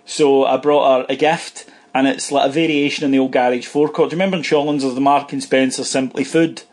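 A man's voice: mid-range voice, fairly even intonation, quick pace, a little mellow. Rambling man telling stories. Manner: rambling anecdotal storyteller with laughs. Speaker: podcast co-host. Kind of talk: casual chat.

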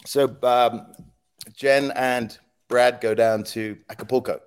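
Male podcast guest, mid-pitched, storyteller type who acts out quotes and sound effects, laughs often. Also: steady tone, slow, clear, resonant tone. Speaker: podcast guest, former news agency head. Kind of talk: casual storytelling interview.

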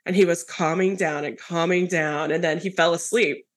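A woman's voice: on the low side, normal speed. Chatty storytelling woman podcast host. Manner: animated storyteller, many fillers. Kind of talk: casual conversational interview.

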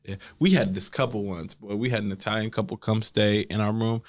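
A man's voice: on the low side, steady tone, fairly quick. A man co-hosting a casual chat, telling stories bluntly with teasing jokes.

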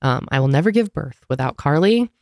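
A woman's voice: sits low, animated, fairly quick, a little mellow, dry recording, studio quality. A woman co-hosting a casual podcast chat, congested with a sore throat, rambling with lots of fillers. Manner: rambling, filler-heavy, laughs often. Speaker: podcast co-host.

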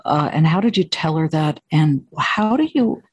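A woman hosts an interview, asking questions with lively reactions. Her voice is husky and moves a lot in pitch. It sits somewhat low. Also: normal speed, no room sound, low-quality recording.

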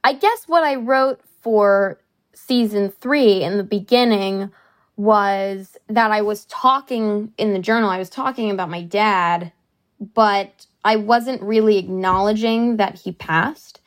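A woman who is an actress, telling stories in a casual interview chat, chatty and animated with quick asides. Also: mid-range voice.

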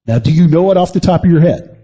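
A man's voice: a little high, expressive, quick pace, mellow, husky, lo-fi sound. A man co-hosting a podcast in casual joking chat, playfully teasing and hamming up his game-show announcements. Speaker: podcast co-host.

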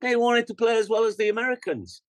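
An older man with an English accent, a musician guest telling lively studio stories in a podcast interview. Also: very high voice, fast talker, no echo, low-quality recording. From England. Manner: animated storyteller, scats rhythms and acts out quotes. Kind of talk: storytelling interview.

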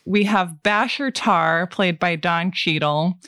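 A woman hosting a casual podcast, recapping a film in a wry, animated way with quoted asides. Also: fairly low pitch, takes it slowly, clean tone, dry recording, studio quality. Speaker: podcast host summarizing a film.

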